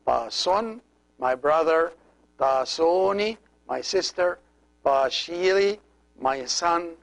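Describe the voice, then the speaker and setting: A man in middle age gives a language lesson at a measured, unhurried pace. His voice sits a little high for a man. He pronounces each word with care and repeats it so learners can follow. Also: expressive, gravelly, poor audio. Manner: slow, careful, repeats each word for practice. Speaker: priest teaching a language.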